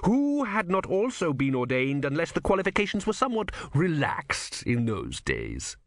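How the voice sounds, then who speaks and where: A man voicing a cold, menacing male religious leader who speaks slowly, deliberately and sharply. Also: on the high side, wildly swooping pitch, dry recording, clean studio sound, pitched above the performer's own voice.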